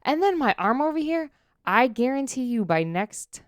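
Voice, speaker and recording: A woman co-hosts a casual podcast, animatedly telling stories and acting out quotes. Her high-sitting voice is clear and resonant at a moderate pace. It's recorded dry on a studio dynamic mic, with studio quality.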